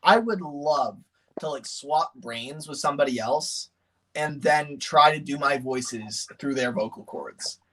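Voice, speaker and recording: A man streaming a casual chat, excited and animated, laughing often and slipping into voices. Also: a little high, unhurried, low-quality recording.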